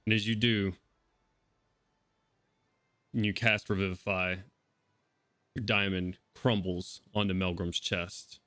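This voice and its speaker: Low-voiced man running a tabletop game. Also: bright, forceful tone, dry recording. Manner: brisk, descriptive narration. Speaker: game master.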